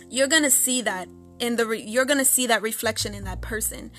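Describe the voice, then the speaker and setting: A sassy, blunt woman hosts her own podcast, talking casual advice with a fairly high, bright voice. She swears freely and drops into slang. Faint music plays behind her. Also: brisk. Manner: slips into Jamaican-style slang. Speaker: podcast host.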